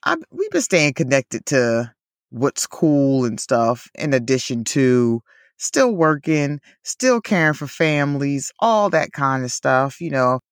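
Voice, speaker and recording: A woman's voice: rumbling low, very animated, slow pace, no echo, clean studio sound. A woman co-hosting a podcast in casual chat, full of "like" and "you know", laughing often. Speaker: podcast co-host.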